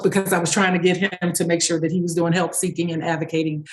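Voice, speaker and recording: A woman speech-language pathologist answering interview questions, telling stories quickly with fillers and restarts and acting out bits of dialogue. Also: on the low side, flat delivery. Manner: storytelling, acts out dialogue.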